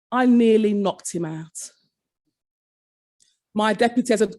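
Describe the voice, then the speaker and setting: A woman's voice: fairly high pitch, a little slow, long pauses, darkish tone. A middle-aged woman, a former head teacher giving a conference keynote, telling a story and acting out the voices of her staff. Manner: dramatic, acts out quoted staff in shifting voices. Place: conference hall.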